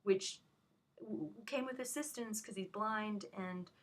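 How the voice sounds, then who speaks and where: A woman's voice: mid-range voice, slow. A woman giving an emotional first-hand account of an incident, speaking urgently with frequent restarts. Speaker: witness recounting an incident.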